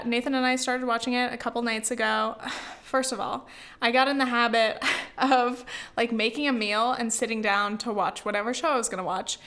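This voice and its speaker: A woman's voice: on the high side, a bit bright. A young woman from the US West Coast chatting casually on her vlog, rambling and filling her talk with "like" and "you know". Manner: rambling, full of "like" and "you know", with sighs and laughs. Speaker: vlogger.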